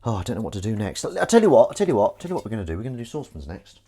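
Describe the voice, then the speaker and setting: A man washes up in his home kitchen while chatting casually on a live stream, rambling and making self-deprecating jokes as dishes and pans clink behind him. His lowish voice is sing-song and rapid-fire, with a dark tone and slightly rough sound.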